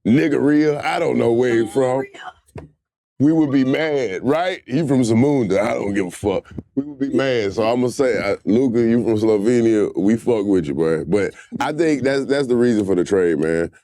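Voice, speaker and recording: Dude riffing on a comedy show, laid-back mellow voice, dry close sound, cussing a lot. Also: male voice, medium pitch, normal speed, no echo. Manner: loose, profane, animated riffing.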